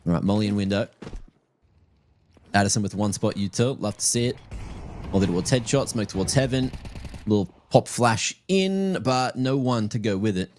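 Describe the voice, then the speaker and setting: A man's voice: lowish voice, animated, normal speed, long pauses, darkish tone, a little hiss or hum. A man casting a live video game match, giving chatty, joking play-by-play from a headset mic. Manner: chatty and joking, teases players and viewers. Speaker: esports caster.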